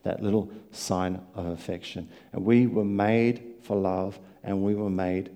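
A man preaching a sermon, telling stories and swinging from quiet asides to loud emphatic lines. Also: low-pitched, fairly even intonation, a little slow. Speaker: pastor.

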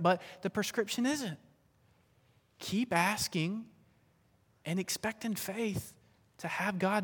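High-voiced youth pastor preaching in a reverberant hall. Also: male voice, breathy edge. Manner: earnest, emphatic preaching with rising and falling intensity. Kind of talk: sermon.

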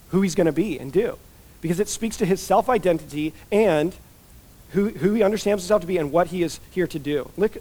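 A man's voice: high-pitched, a little mellow. A man giving a conversational expository sermon as a pastor, chatty and informal, full of "like" and "you know" asides.

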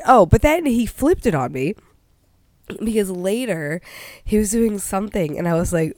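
Young woman, casual storytelling, giggly, lively swooping voice, has a cold, dry close sound. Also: mid-range voice, moderate pace, dry recording. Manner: giggly, laughs constantly mid-sentence, lots of likes.

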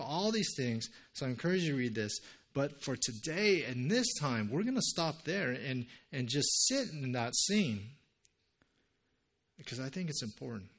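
Earnest man preaching a sermon. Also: mid-range voice. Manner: earnest, conversational preaching with sudden hushed, intimate passages. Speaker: pastor.

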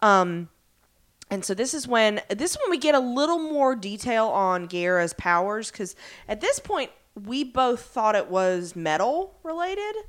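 A woman's voice: on the high side, sing-song, unhurried. A woman co-hosting a podcast, chatting wryly and recapping a TV episode. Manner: wry, recaps plots animatedly. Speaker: podcast co-host. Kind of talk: casual chat and episode recap.

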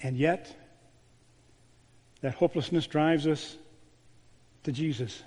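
A man, a pastor, delivering a sermon with a storytelling manner, dropping to a hushed voice on key words. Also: on the high side, takes it slowly, husky. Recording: long church reverb.

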